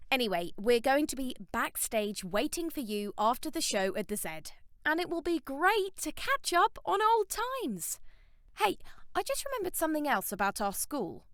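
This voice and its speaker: Lively, expressive woman narrator. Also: fairly high pitch, clean tone, no echo, studio quality. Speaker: audiobook narrator. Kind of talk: first-person audiobook narration.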